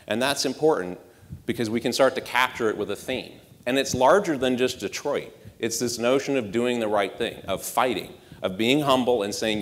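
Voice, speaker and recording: A man's voice: medium pitch, moderate pace. A middle-aged man giving a conference keynote, punchy, with rhetorical questions and dry sarcastic asides. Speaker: marketing executive giving a conference talk. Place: large conference hall. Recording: hall reverb from a stage.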